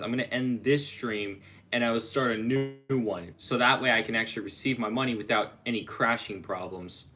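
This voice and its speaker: A man's voice: lowish voice, brisk, hardly any pauses, sharp tone, faint music behind. A man rambling casually on a livestream, chatting and reacting to viewer comments. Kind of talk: casual live-stream chat.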